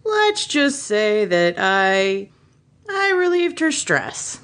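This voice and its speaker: A woman's voice: medium pitch, sing-song, extremely slow, fairly bright tone, voice pushed up, full character voice. A woman reading as a smug space smuggler. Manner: smirking, teasing, read aloud half-seriously. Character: cocky smirking male space smuggler. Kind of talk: comic fan fiction read-aloud.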